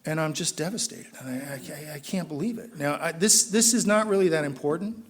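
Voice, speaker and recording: Animated Southern Californian man telling his story. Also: a little fast, a little hiss or hum. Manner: animated storyteller, acts out voices, gets loud and high when excited. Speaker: AA speaker. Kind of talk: recovery talk storytelling.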